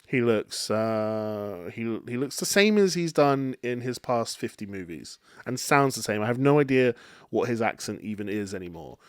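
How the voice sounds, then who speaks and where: A man's voice: medium pitch, lively intonation, moderate pace, smooth, dry recording, studio quality. A man hosting a casual solo film review podcast, rambling and chatty with many fillers and restarts. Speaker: podcast host reviewing films.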